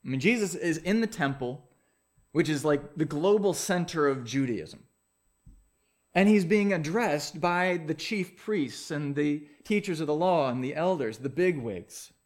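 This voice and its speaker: A man preaching a sermon, reading scripture, praying, then telling a story in a relaxed, conversational way. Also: on the high side, unhurried. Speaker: pastor.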